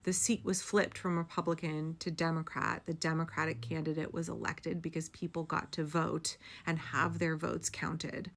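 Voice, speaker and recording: Lady ranting about politics, low voice with lots of vocal fry, blunt and emphatic. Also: a little fast, hardly any pauses, a bit bright. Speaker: political commentator. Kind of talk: direct-to-camera political commentary.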